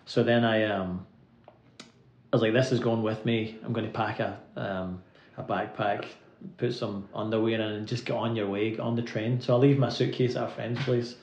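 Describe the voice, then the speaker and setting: A Scottish musician, a guest in a casual interview, tells rambling anecdotes packed with "like" and laughs often. His fairly low voice is a little mellow with fairly even intonation. The recording is roomy and slightly dull, with slight background noise.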